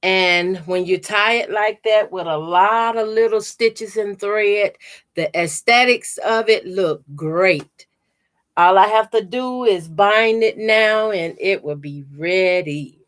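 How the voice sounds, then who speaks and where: A woman's voice: medium pitch, takes it slowly, fairly bright tone. A woman hosting a quilting channel, chatting casually on a home livestream, greeting viewers by name and showing her work to the camera. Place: home room by a door.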